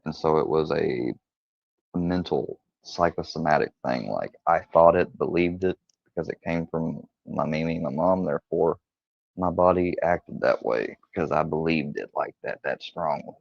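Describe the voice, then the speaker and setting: A man's voice: extremely low pitch, moderate pace, vocal fry, darkish tone, dry recording. A man streaming live, telling rambling personal stories in a casual, profane way and acting out the lines of the people in them. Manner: rambling, profane, retells dialogue with quoted voices. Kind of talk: casual storytelling livestream. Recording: dull lo-fi stream audio.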